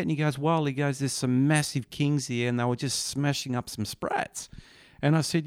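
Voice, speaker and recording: Rambling man, smooth voice. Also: medium pitch, moderate pace, no echo, studio quality. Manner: storytelling, rambling with fillers. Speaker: radio guest, fishing talk. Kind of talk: casual radio chat. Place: radio studio. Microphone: studio microphone.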